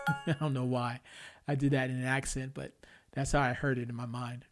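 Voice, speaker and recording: A man's voice: medium pitch, little pitch movement, normal speed, faint music behind. A man hosting a solo podcast, giving his opinions in a conversational way and chuckling between points. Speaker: podcast host.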